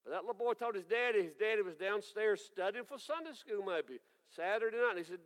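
A man's voice: high voice, fairly quick, hardly any pauses, long reverb tail, rough recording. Folksy preacher in his sixties. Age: 60s. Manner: folksy, animated storytelling. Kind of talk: storytelling sermon.

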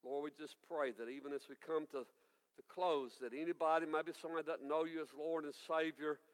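A man, preaching a sermon as folksy, animated storytelling. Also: fairly high pitch, a little fast, clear, resonant tone, big-room sound, low-quality recording. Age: 60s.

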